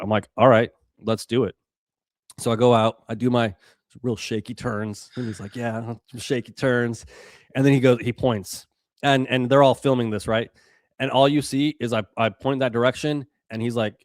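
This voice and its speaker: A former special operations weatherman in his forties from the Rocky Mountains, appearing as a podcast guest, tells a story in casual chat. His medium-pitched voice is animated, full of fillers, restarts, and acted-out quotes, captured in clean studio sound with no room sound.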